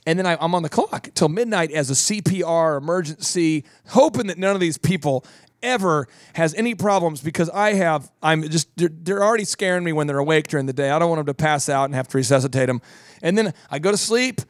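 A male podcast host telling a story with energy and humor, slipping in quick voices along the way. His voice sits a little high, and the sound is close and dry. He speaks in a casual, chatty way. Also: dry recording. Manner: animated, jokey, does voices. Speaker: podcast host, business coach.

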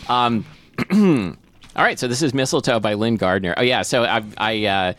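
Podcast co-host: man, low, animated, hesitant and dry-humored, close dry sound. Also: normal speed, no echo. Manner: hesitant, wry, many fillers. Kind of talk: casual chat and reading aloud.

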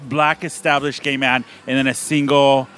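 A man's voice: mid-range voice, level tone, moderate pace, fairly bright tone, soft background music. A man interviewing a guest, asking long, chatty questions in a casual way.

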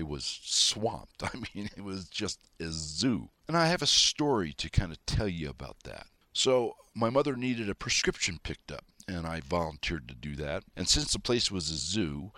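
Deep, lively folksy host, country rancher manner, dry close mic. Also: male voice, no room sound. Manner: folksy storytelling, self-styled country rancher. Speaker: talk show host. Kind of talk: political talk show monologue.

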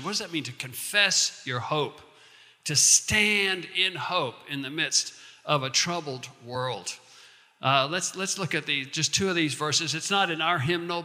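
A male pastor preaching a sermon in a conversational way, slowing down to recite verses and lines. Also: fairly high pitch, sharp tone, long reverb tail.

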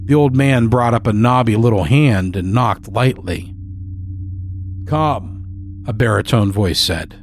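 A man narrating a dark, humorous story in a measured, descriptive way. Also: mid-range voice, slight background noise. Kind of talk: scripted horror story narration.

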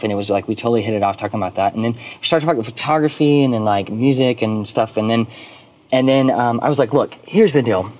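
A man casually telling a story about his work as a photographer, animated and full of filler words, acting out quoted dialogue. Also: medium pitch.

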